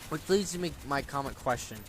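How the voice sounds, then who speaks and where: A man's voice: mid-range voice, brisk, fairly bright tone, slight background noise. A young man in his late teens tells stories during casual gameplay commentary. He rambles, swears a lot and often restarts his sentences. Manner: rambling, profane ranting with many restarts. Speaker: gaming channel host.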